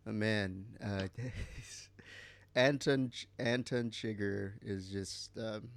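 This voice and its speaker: A man's voice: fairly low pitch, fairly even intonation, drawn-out words, creaky, no echo. A man co-hosting a podcast in casual chat, rambling with many fillers and some swearing. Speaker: podcast co-host.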